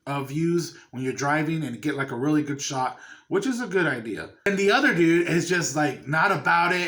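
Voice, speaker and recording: A man's voice: a little high, fairly bright tone. A man chatting loosely about a horror film he watched, swearing casually as he recaps it. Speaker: movie reviewer. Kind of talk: casual review chat.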